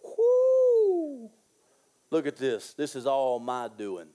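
A man voicing a boastful, proud ancient king in a low, drawn-out, gloating way. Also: huge pitch swings, dark tone, heavily acted.

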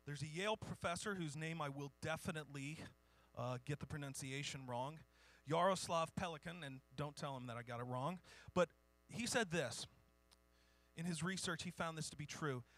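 A man's voice: fairly high pitch, moderate pace, fairly bright tone. A man preaching a sermon, informal and self-deprecating, reading historical quotes aloud. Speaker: pastor.

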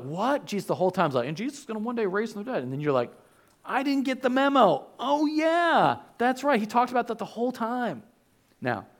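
A man's voice: high voice, creaky. A man preaching a conversational sermon, joking with the congregation and acting out the lines of the people in the story. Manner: conversational, acts out quotes, jokes with the congregation. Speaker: pastor. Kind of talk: animated sermon.

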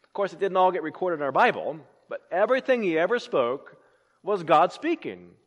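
A man preaching a sermon, swinging between loud emphatic lines and hushed, low phrases. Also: very animated, brisk. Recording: long reverb of a large hall.

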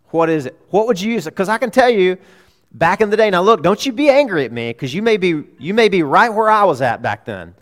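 Delivering his sermon in a church, this high-pitched male pastor repeats central phrases with emphasis. His delivery moves back and forth from urgent loudness to quiet, hushed moments.

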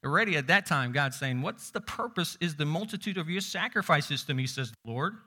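A man preaching a sermon, moving between loud emphasis and hushed low asides, quoting scripture. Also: animated, brisk, slightly rough. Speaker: pastor.

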